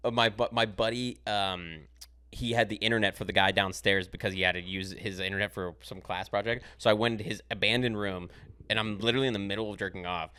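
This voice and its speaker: A young man with a low voice rattles off a story at a quick clip as he hosts a podcast. He is animated and profane, and he often breaks into laughter as he talks. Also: clear, resonant tone. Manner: animated, profane, laughs through his stories. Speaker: podcast host.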